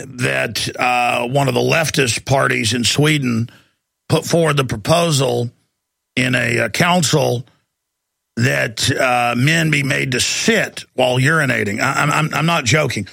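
A man's voice: mid-range voice, slow pace, vocal fry, sharp tone, no room sound. A man hosting a talk show, ranting heatedly and emphatically, often repeating himself for effect. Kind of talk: ranting political commentary.

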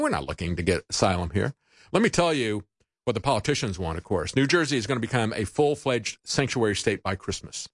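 A man's voice: medium pitch, no echo, clean studio sound. A man hosting a political talk show, delivering emphatic, sarcastic commentary and mocking the people he quotes. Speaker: talk radio host.

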